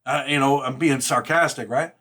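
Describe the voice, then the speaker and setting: A man casually telling a personal story in rough street slang, blunt and profane, filling every pause with "man" and "right?". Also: medium pitch, fairly even intonation, pushed and bright.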